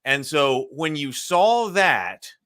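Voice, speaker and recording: Male podcast host, bright and forceful tone, rambling delivery with lots of restarts. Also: a little high, sing-song, takes it slowly. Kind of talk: casual discussion.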